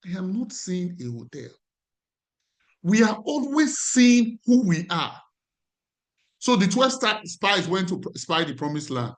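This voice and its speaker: A man's voice: high voice, sing-song, unhurried, pauses often. A man with a Nigerian accent, a life coach teaching a class in an emphatic way and repeating his key phrases.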